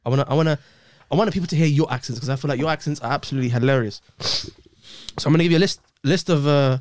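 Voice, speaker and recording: A man's voice: a little high, darkish tone, dry recording. A young man co-hosting a podcast, joking around, laughing often and trying out silly accents in casual banter. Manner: laughs a lot, quick and playful. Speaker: podcast co-host.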